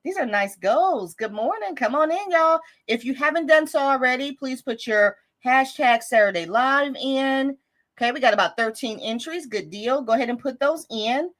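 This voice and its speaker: A woman's voice: high-pitched, animated, moderate pace, a bit bright. A woman hosting a casual budgeting live stream, reading viewer comments aloud in an upbeat, encouraging, chatty way. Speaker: budgeting livestream host.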